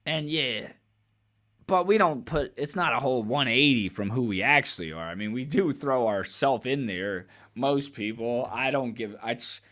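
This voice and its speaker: Man, reaction host, loose rambling delivery, swears freely, mid-pitched voice. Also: lively intonation, moderate pace, a bit bright. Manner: candid, rambling, profane, laughs often. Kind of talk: casual reaction commentary.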